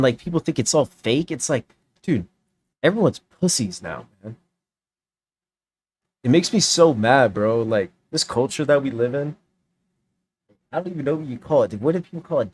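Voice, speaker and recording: A man's voice: mid-range voice, animated, moderate pace, a little hiss or hum. A young man streaming, giving a heated, profane reaction rant. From United States. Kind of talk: ranting reaction commentary.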